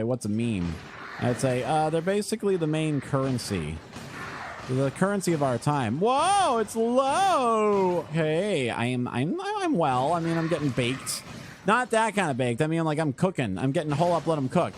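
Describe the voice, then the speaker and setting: Animated swearing male game streamer. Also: mid-range voice, slight background noise. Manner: animated, swears often, jumps between rambling asides and frustrated outbursts. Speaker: gaming streamer. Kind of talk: casual live game commentary.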